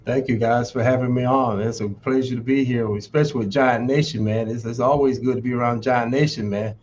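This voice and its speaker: A man's voice: mid-range voice, fairly even intonation, brisk, a little mellow, highs cut off, slight background noise. A man in his sixties from North Carolina with a Southern accent, chatting easygoingly as an interview guest. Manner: easygoing, says "man" often. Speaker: guest, former football player. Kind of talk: casual interview chat.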